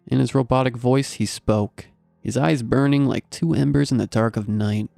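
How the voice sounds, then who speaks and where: A man's voice: mid-range voice, steady tone, normal speed, vocal fry, a little mellow, no room sound, soft background music. A man narrating a scary story in a dry, wry storytelling manner. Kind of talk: scripted horror story narration.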